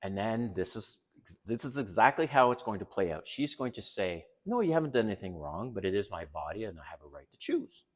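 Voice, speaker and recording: Deep-voiced middle-aged man giving blunt advice. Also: brisk. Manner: candid, animated. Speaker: dating advice channel host. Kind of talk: casual monologue.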